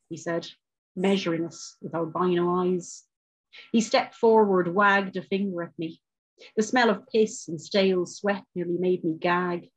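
Husky-voiced woman reading a story. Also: on the low side, steady tone, a little slow, low-quality recording. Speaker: author reading. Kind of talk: reading a short story aloud. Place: book launch.

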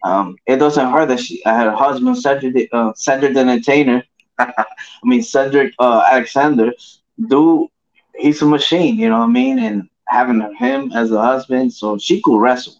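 A man co-hosting a casual wrestling chat, rambling and slangy, filling every pause with "you know what I mean.". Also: mid-range voice. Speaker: podcast co-host. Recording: dull lo-fi audio.

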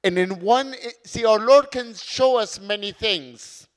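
A middle-aged man, a priest, giving an earnest conference sermon, slow overall with sudden loud emphatic words. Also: high voice. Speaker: priest and community founder.

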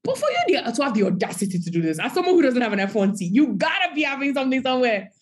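Lady cohosting a chatty podcast, kinda high voice, super animated, sings bits n does mock quotes. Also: racing. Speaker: podcast co-host. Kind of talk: casual chat.

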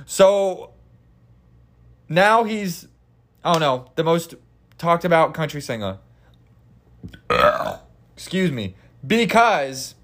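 A man's voice: fairly high pitch, fairly bright tone. A young man from Kansas hosting a podcast alone, talking in a casual, profane, rambling way and often correcting himself mid-sentence. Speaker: podcast host. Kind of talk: casual solo podcast rant.

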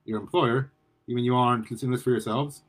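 A man's voice: mid-range voice, steady tone, fast talker, lightly acted. A man reading aloud and voicing an earnest masked heroine who pleads with a rival in a lifted voice.

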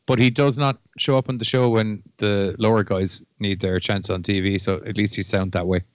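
Low-voiced man joking around. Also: steady tone, normal speed, clear, resonant tone, dry recording. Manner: laughing, teasing, playfully petty. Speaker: podcast co-host. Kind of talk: casual banter.

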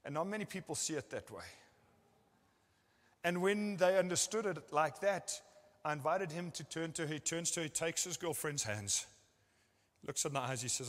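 Male pastor, sermon, earnest storytelling, fairly high voice, ringing church hall reverb. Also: expressive, moderate pace, long pauses. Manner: earnest storytelling, acting out what people said. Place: church service.

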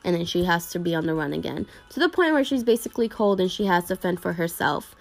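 A woman's voice: on the low side, lively intonation, fast talker. A woman retelling a story to her viewers in a casual, rambling way, full of fillers and restarts. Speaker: anime video creator talking to viewers.

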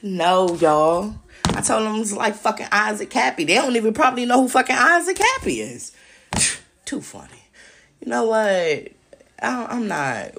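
A woman's voice: mid-range voice, expressive, normal speed, vocal fry, a bit bright, a little hiss or hum. A woman hosting a podcast, talking in an agitated, profane monologue straight to her listeners. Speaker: podcast host. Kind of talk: casual monologue.

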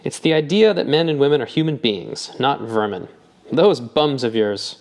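A man reading an audiobook, voicing a calm, practical older man who speaks in a slow, quiet way. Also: medium pitch, natural voice.

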